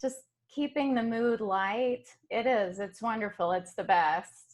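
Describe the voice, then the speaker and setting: Slow-talking woman hosting a group. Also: a little high. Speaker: host and card reader. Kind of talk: casual group chat.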